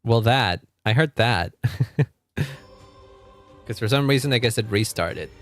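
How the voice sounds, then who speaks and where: Animated swearing young man streamer. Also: mid-range voice, brisk, soft background music. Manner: animated, swears freely, laughs often. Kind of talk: casual gaming livestream chat.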